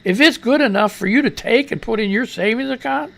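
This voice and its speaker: A man hosting a talk radio show, ranting about the news in a profane way, reading news items aloud with asides, his voice climbing high whenever he gets excited. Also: a little fast, creaky.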